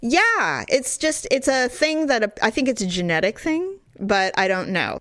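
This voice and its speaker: A woman co-hosting a podcast, telling a story in an animated, frank way with casual swearing. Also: a little high, normal speed, no echo, clean studio sound. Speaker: podcast co-host. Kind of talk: casual chat.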